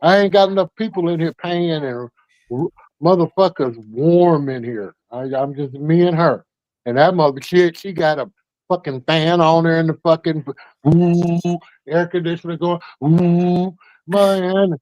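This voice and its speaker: A man's voice: fairly high pitch, measured pace, a little mellow, no echo, muffled recording. A man on a call-in talk show telling a long story in a heated, profane, rambling way. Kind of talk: casual call-in chat.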